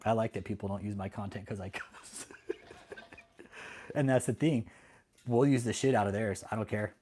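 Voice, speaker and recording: Husky, low, defiant ranting man. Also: normal speed, a little mellow. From Texas. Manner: angry, swearing, defiant. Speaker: host. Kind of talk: profane ranting commentary.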